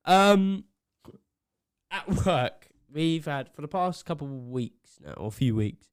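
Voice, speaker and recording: A man's voice: on the high side, animated, a little slow, clean tone, no room sound, clean studio sound. Laughing young man bantering. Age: young adult. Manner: laughs a lot, banters, teasing. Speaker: podcast co-host. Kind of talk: casual chat. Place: small studio.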